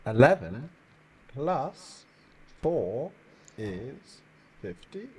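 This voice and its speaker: A man's voice: medium pitch, sing-song, drawn-out words, husky, rough recording. A young man playing in a tabletop game, chatting casually and laughing often. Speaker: player.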